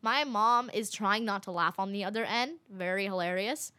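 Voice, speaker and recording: Young woman, bright voice, chatty casual storyteller, heavy on fillers. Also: medium pitch, normal speed.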